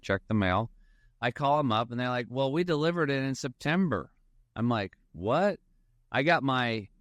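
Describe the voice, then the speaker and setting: A man's voice: on the low side, fairly bright tone, no echo, clean studio sound. A man, a financial advisor guest, chatting casually in a rambling storytelling way and acting out bits of dialogue. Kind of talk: casual podcast conversation.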